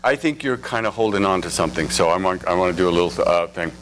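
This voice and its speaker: A man's voice: low-pitched, fast, a bit bright. A middle-aged man coaching actors at a live workshop, joking, laughing and firing off asides. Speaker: acting teacher. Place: workshop stage before audience.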